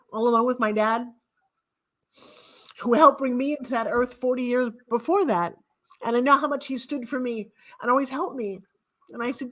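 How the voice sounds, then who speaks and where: A woman's voice: a little high, pushed and bright. A woman in her sixties telling motivational stories with emphatic, repetitive phrasing. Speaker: guest author. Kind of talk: motivational storytelling.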